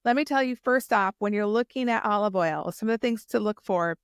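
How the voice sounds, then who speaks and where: A woman's voice: mid-range voice, brisk, smooth, no room sound, clean studio sound. A woman hosting a solo podcast, talking casually and enthusiastically, rambling with many restarts and fillers. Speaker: podcast host.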